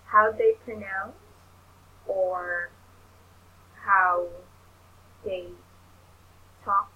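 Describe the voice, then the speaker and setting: Slow, patient woman tutor. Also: mid-range voice, husky, highs cut off. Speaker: English tutor. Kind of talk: online English lesson.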